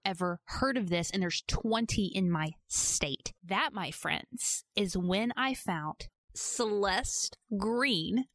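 A woman's voice: mid-range voice, fairly bright tone, no room sound, clean studio sound. A woman from Georgia in the US hosting a casual interview. She tells stories in a playful, self-mocking way. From Georgia, USA. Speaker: podcast host.

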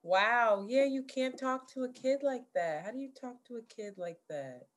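A young adult woman co-hosting a podcast in casual chat, blunt and profane and quick to laugh. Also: a little high, lively intonation. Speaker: podcast co-host.

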